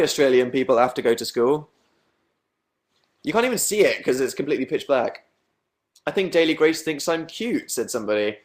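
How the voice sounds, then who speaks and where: A young man from England hosting a casual late-night livestream from his bedroom, reading viewer comments in a dry, sarcastic, self-mocking way. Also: mid-range voice. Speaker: livestream host.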